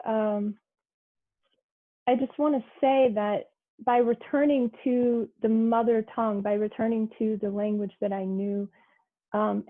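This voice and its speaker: A woman gives a poetry reading in a slightly high voice. She takes her time, setting each phrase apart with long pauses. The sound is thin and phone-like. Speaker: poet.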